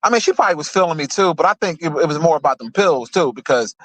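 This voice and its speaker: A young man talks to his stream from behind the wheel, rambling and swearing freely as he drives. His voice sits a little high for a man, and the sound is dry, with no room echo. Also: animated, quick pace, fairly bright tone. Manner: profane, rambling, talks straight to viewers. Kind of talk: casual rambling chat while driving. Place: in a car.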